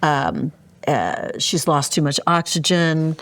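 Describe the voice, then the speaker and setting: A woman's voice: low-pitched, big pitch swings, slow pace, no echo. A middle-aged woman, a guest on an interview show, telling a personal story in an earnest, vivid way and often addressing the host. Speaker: guest entrepreneur. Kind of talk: emotional storytelling.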